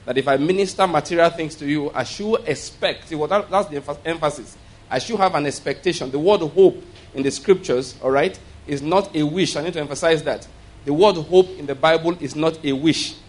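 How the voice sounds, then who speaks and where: A man's voice: a little high, fairly quick. A man preaching a sermon, explaining scripture and often checking that listeners follow. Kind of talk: sermon teaching.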